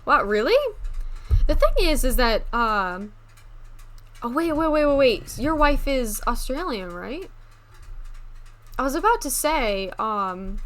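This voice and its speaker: A woman streamer with a slight New England accent, chatting casually with her chat, rambling with lots of "like" and quick laughs. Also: fairly high pitch, a bit bright.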